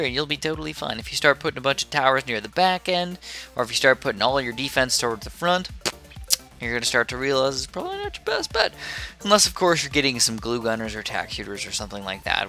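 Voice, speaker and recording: This gameplay commentator is a sleepy young man who yawns as he rambles, his talk drifting into off-topic asides. He has a mid-range voice with vocal fry and a sharp tone.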